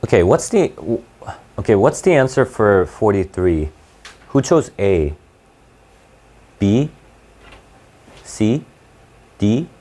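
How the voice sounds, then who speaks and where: A low-voiced young man runs a test-prep class. He talks in a halting, chatty way and keeps restarting his sentences as he works through each question. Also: big pitch swings, mellow. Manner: halting and conversational, with many restarts and fillers. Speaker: SAT tutor. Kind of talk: live classroom lesson.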